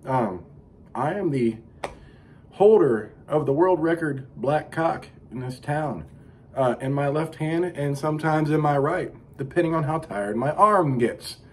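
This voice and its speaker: A middle-aged man delivering a crude, rambling comic monologue as a vlog host, profane with deadpan asides. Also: a little high, a little slow, slight background noise.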